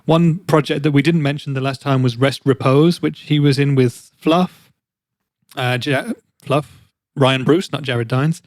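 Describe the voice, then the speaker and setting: A man's voice: mid-range voice, fairly even intonation, a little slow, darkish tone, dry recording, studio quality. A man co-hosting a podcast, chatty and rambling through explanations in casual chat. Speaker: podcast co-host.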